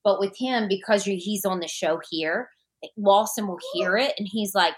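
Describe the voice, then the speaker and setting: A woman's voice: medium pitch, moderate pace. A woman chatting casually as a guest, explaining things in a matter-of-fact way. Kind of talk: casual chat.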